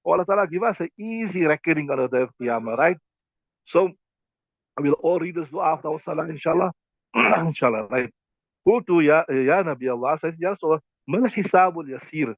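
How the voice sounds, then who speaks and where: Brisk South African man teaching. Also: on the high side, expressive, no echo, muffled recording. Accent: South African English. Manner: brisk, conversational, with quick Arabic recitation. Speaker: mufti teaching a hadith class. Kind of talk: hadith class lecture.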